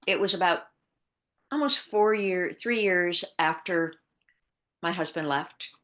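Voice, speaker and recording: A woman author from the American Midwest, telling a personal story in a podcast interview, earnest and reflective, dropping to a hush and then rising with emphasis. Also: lowish voice, slow pace. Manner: earnest, reflective, shifting between hushed and bursting emphasis. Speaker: author guest.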